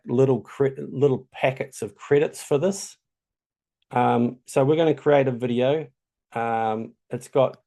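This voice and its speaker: A man with a New Zealand accent talks through a tutorial in a loose, chatty way. His voice is mellow and gravelly, with a mid-range pitch. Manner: chatty, loose, many ums. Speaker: tutorial host. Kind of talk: casual screen-share tutorial.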